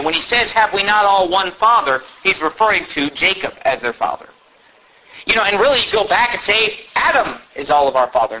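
A man's voice: on the high side, pushed and bright, slight background noise. A man preaching a fiery sermon, reading old-fashioned scripture aloud and mocking people with impassioned wails. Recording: dull lo-fi recording.

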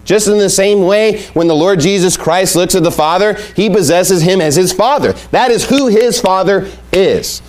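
Guy preaching a sermon, kinda higher voice, hammers the same point over and over. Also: normal speed, hardly any pauses, darkish tone. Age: adult with young family. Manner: emphatic, repeats key points, reads scripture aloud.

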